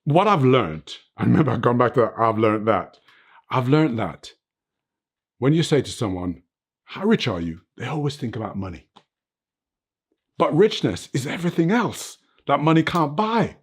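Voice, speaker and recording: A man's voice: medium pitch, big pitch swings, moderate pace, breathy edge. An older man giving an emphatic, earnest interview about life lessons, often tagging his points with "right?" and "you know what", in a home under filming lights. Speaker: interview guest, fitness motivator. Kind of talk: reflective motivational interview talk.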